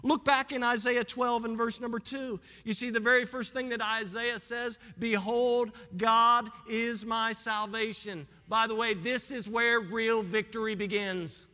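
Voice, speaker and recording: A hoarse man preaching a sermon as pastor, with emphatic swings between loud and soft. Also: extremely high pitch, fairly even intonation, measured pace, few pauses, big-room sound.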